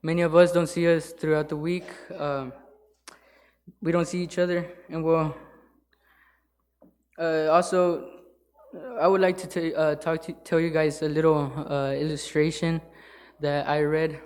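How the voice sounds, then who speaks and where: A man giving an informal sermon in church, halting, with many fillers and restarts. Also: on the high side, flat delivery, a little mellow. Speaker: lay church speaker. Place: church sanctuary.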